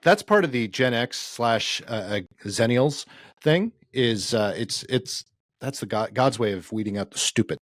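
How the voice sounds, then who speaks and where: A man guest co-hosting a podcast, chatting in an easygoing way and offering measured opinions. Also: mid-range voice, expressive, no room sound, studio quality. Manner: easygoing, frequent agreeing backchannels, measured opinions. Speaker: guest co-host. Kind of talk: casual chat.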